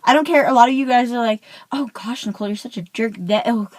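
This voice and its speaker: A woman's voice: a little high, fast talker, poor audio. A teenage girl telling a school story in a casual rant, peppering every phrase with "like.". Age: teens. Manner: chatty, says "like" constantly, animated. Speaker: vlogger.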